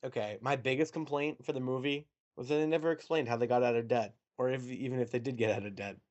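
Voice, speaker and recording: A man's voice: mid-range voice, quick pace, highs cut off. Chatty young man podcasting. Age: young adult. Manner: chatty, animated, mocking asides. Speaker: podcast co-host. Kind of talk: casual chat.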